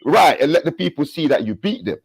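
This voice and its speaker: A man's voice: on the high side, big pitch swings, a little fast, gravelly. A man calling into an online debate, pressing his point animatedly and mimicking his opponents. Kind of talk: casual online group chat. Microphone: online call.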